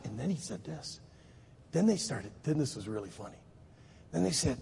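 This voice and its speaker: A man preaching a sermon to high school students, telling a story with lively acted voices. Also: brisk, vocal fry, husky, long reverb tail. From United States. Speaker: Baptist preacher.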